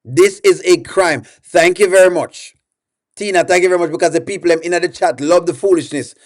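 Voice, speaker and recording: A man with a high-pitched voice gives comedic reaction commentary. He is animated and teasing, and he often laughs and says the same line again. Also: brisk. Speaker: reaction video host.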